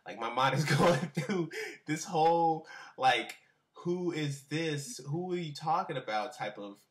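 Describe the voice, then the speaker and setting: A man's voice: fairly high pitch, animated, measured pace. A young man being interviewed on webcam, telling a story in a loose, slangy, rambling way with many fillers and restarts. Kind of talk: casual storytelling.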